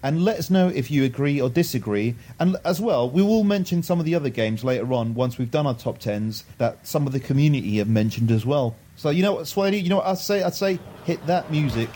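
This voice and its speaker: A man's voice: medium pitch, animated, a little fast, few pauses, dark tone, a little hiss or hum. A man co-hosting a casual podcast about retro games, upbeat and steering the talk. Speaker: podcast co-host. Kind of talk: casual retro gaming chat.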